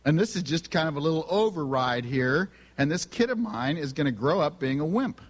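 A man's voice: a little high, expressive, a little fast, slightly rough. Man telling family stories in a reverberant hall. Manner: humorous storytelling, acts out family dialogue. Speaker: speaker on family and spiritual gifts. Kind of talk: sermon with personal stories. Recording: long reverb of a large hall.

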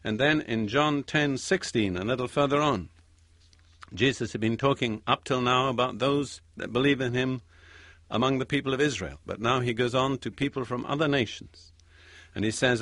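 Measured, emphatic male preacher, dry sound. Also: mid-range voice, fairly bright tone, no room sound. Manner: measured, emphatic scripture reading. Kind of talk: sermon.

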